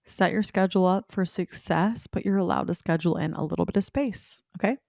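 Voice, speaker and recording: A young woman talks straight to her listeners in a casual spiritual podcast. She is chatty, rambling and upbeat. Her voice sits a little low for a woman, recorded close and dry with no room sound. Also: gravelly, darkish tone, no room sound. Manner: fast-talking, slowing down at times. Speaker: podcast host.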